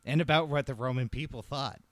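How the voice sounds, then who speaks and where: A man telling a comedic history story on a podcast, wry and profane, with lively delivery. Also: medium pitch, brisk, no echo.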